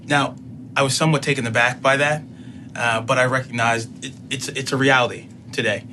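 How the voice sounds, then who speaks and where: Middle-aged male storyteller, animated, plays both sides of each exchange, faint background noise. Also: medium pitch, brisk. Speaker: guest telling a personal story. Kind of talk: casual spoken storytelling.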